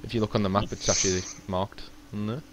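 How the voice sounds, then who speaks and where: A man's voice: fairly low pitch, fairly even intonation, fast, a little hiss or hum. A man narrating as game master, rambling with lots of fillers.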